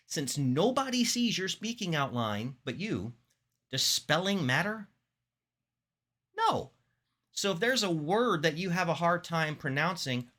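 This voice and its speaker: A man from Florida teaching public speaking in a lively lecture, with emphatic pitch jumps and deliberate pauses. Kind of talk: classroom lecture.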